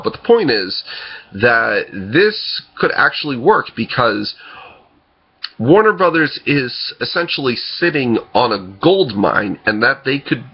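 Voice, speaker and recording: A man hosting casual film news commentary, rambling and hesitant, often pausing on fillers and correcting himself. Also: mid-range voice, husky, dull audio. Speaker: podcast host.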